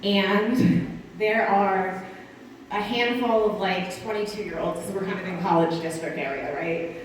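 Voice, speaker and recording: A woman in her thirties from Connecticut doing a rambling stand-up set with dark humor and lots of asides. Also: mid-range voice, measured pace, noisy background. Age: 30s. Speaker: stand-up comic. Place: small live performance venue. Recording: distant echoey room mic.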